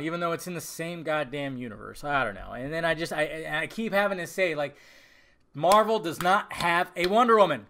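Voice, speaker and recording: A man's voice: a little high, bright, forceful tone. A man hosting a podcast, ranting casually, heated and profane, repeating himself often. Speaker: podcast host. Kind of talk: casual rant.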